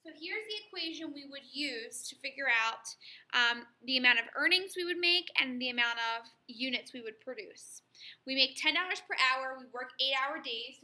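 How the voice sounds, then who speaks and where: In a recorded classroom lesson, a woman math teacher works through the material step by step, patient and methodical. Her voice is high and very bright, and the room has an echoey ring.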